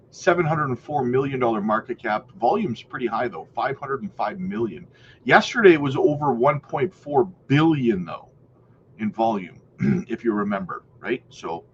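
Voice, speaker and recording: A man in the middle of the usual pitch range talks casually through market updates as a channel host, chatty and hedging, with lots of fillers and throat clearing. The recording is a little dull and muffled, with faint noise underneath. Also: expressive, unhurried. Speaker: crypto news host.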